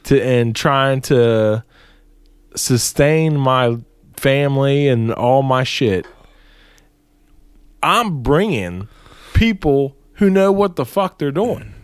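A man's voice: medium pitch, animated, slow, pauses often, clean tone, no room sound, clean studio sound. A man co-hosting a casual podcast chat, speaking emphatically and swearing freely as he argues a point. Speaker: podcast co-host.

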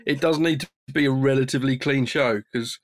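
A man's voice: mid-range voice, normal speed, a bit bright. A man co-hosting a casual podcast, easygoing and wry. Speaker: podcast co-host.

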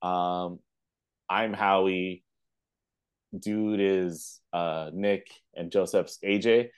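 A man co-hosting a podcast, telling animated stories in casual chat with lots of fillers. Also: deep voice, drawn-out words, clear, resonant tone. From Canada. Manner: animated storytelling with laughs and fillers. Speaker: podcast co-host.

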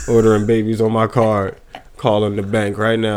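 A man in casual comedic banter, riffing loudly with laughs and cursing. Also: on the low side, steady tone, normal speed.

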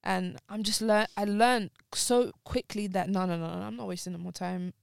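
A woman's voice: medium pitch, fairly even intonation, moderate pace, gravelly, clear, resonant tone, no echo. A woman co-hosting a casual podcast chat, speaking openly and emotionally while grieving, her voice close to tears. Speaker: podcast co-host.

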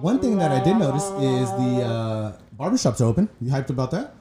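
A man's voice: medium pitch, sing-song, a little fast, reverberant, loud music behind the voice. A man co-hosting a podcast, telling stories in loose, profane casual chat. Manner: loose storytelling, swearing, laughs a lot. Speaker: podcast co-host.

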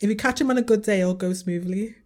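A woman's voice: medium pitch, fast talker, darkish tone. A young woman, co-hosting a casual chat podcast, swearing freely and laughing often. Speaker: podcast co-host.

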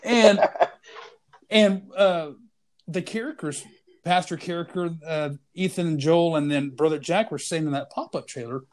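A man's voice: on the high side, unhurried. A man co-hosting a podcast, telling a funny story in casual chat and laughing through his punchlines. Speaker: podcast co-host.

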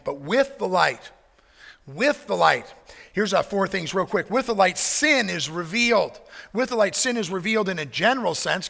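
A man's voice: high-pitched, creaky, bright, forceful tone, big-room sound. A male pastor preaching a sermon in a conversational way, mixing anecdotes with scripture.

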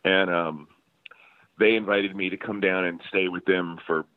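A man with a very low voice tells loose, laughing stories as the guest musician, circling back and restarting his sentences. He comes through a dry, narrow, phone-like line. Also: fairly even intonation, unhurried, dry recording. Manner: rambling, laughing storyteller with many restarts. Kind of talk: casual interview chat.

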